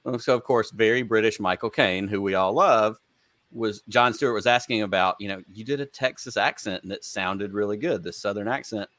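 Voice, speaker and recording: A man's voice: lowish voice, a little fast, a bit bright, dry recording. A man hosting a podcast, chatting enthusiastically with a guest and telling rambling stories. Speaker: podcast host. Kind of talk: casual interview chat.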